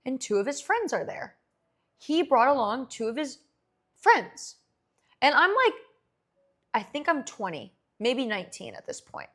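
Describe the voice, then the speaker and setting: Streamer, woman in her 20s, lively storyteller with a salty mouth and a slightly raised voice. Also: on the high side. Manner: animated, profane storytelling. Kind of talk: casual chat.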